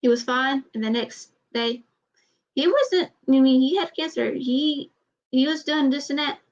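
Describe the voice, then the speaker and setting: A woman talks to the camera in a loose, halting way, with many restarts and trailing sentences. Her voice sits a little high. The recording sounds dull and lo-fi. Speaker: vlogger. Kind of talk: casual personal talk to camera.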